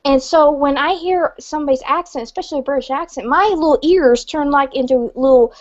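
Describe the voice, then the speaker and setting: A woman's voice: sits high, brisk. A woman hosting a casual podcast chat, chatty and hesitant with many fillers. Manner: chatty, hesitant, laughs often. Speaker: podcast host. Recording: dull lo-fi sound.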